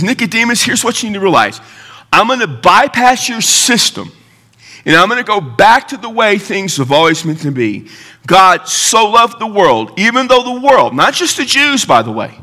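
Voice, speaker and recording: A man's voice: mid-range voice, sharp tone. A male pastor preaching a sermon, emphatic and argumentative, with rhetorical questions. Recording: long hall reverb.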